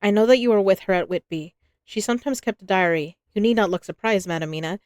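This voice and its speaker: A woman's voice: medium pitch, quick pace, dry recording, clean studio sound, close to an everyday voice. A woman voicing a courtly, earnest older male doctor in a novel read aloud, speaking in formal, old-fashioned phrases.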